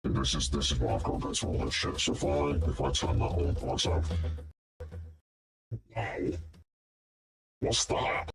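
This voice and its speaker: A man talking through a voice changer that turns him into a deep gravelly male voice while casually testing his stream setup. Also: moderate pace, pauses often, noisy background. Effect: deep voice changer filter.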